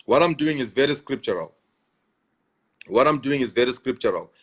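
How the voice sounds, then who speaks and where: A man's voice: mid-range voice, animated, moderate pace, fairly bright tone, slightly rough. A man preaching on a live stream who answers viewers, repeats his lines for emphasis and restarts often. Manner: repetitive, emphatic, stammering restarts.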